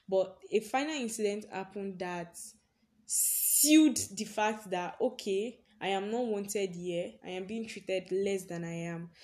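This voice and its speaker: On her podcast, a young woman tells a personal story in a relaxed, conversational way, often falling back on "basically" and slipping into brief laughs. Her voice is mid-pitched for a woman, with a somewhat dark tone.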